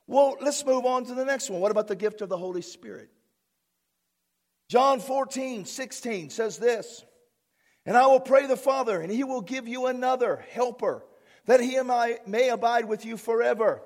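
A male pastor preaching a sermon with fervor, often shouting for emphasis, with a husky voice. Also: very high voice, normal speed.

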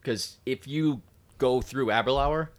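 Relaxed man chatting on a podcast. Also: medium pitch, unhurried. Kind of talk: casual podcast chat.

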